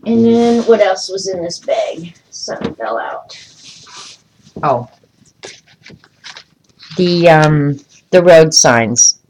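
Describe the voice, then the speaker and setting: A woman's voice: on the low side, animated, slow, vocal fry, pauses often, darkish tone, slight background noise, rough recording. Chatty woman livestreaming from home. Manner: chatty, rambling, talks to viewers by name. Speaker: vlogger showing travel souvenirs. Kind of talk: casual livestream chat. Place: room at home.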